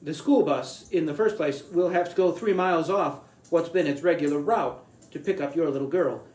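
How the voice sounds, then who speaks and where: A man's voice: fairly high pitch, normal speed, a little mellow, echoey room, close to an everyday voice. A man voicing a prim, middle-aged small-town real estate man and tax assessor who speaks formally, fussily and at length. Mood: fussy. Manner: fussy, formal and long-winded.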